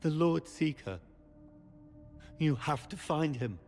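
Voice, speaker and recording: An actor playing a dying, tortured male knight who is weak and in pain, speaking in a strained, gravelly whisper in halting, broken phrases. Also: fairly high pitch, lively intonation, darkish tone, soft background music. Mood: urgent, bitter. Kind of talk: video game voice acting.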